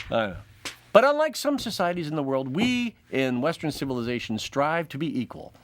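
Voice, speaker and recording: A man's voice: on the high side, very animated, a little fast, a little hiss or hum. A man hosting a comedy show, delivering a jokey stand-up monologue and laughing often.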